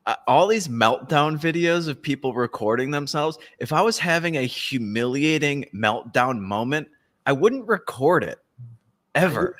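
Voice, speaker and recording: A man's voice: a little high, fairly bright tone. Profane, mocking man podcast host. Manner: profane, mocking, laughing often. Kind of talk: casual chat.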